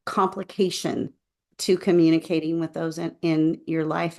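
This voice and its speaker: A woman's voice: on the low side, a little mellow. A woman co-hosting a podcast, talking in a casual, thoughtful and advising way. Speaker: podcast co-host. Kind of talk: casual conversational podcast talk.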